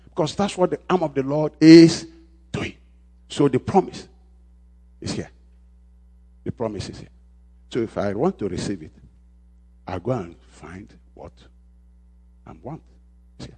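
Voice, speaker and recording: A male pastor preaching a sermon, repeating key phrases and calling on the congregation to answer, swinging between shouts and quiet lines. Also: mid-range voice, animated, measured pace, long pauses, husky.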